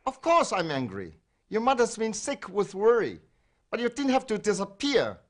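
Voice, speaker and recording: A man's voice: high voice, wildly swooping pitch, moderate pace. An actor playing an upset, worried father who reproaches and pleads with his son in a radio drama for learners. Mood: angry.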